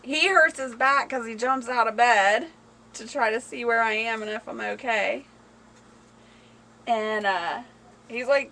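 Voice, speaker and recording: This livestream host talks from her home through a phone camera, laughing and reading viewers' comments aloud in easy conversation. She speaks unhurriedly with long pauses, her slightly high voice pushed and bright, over a little hiss or hum in the low-quality audio.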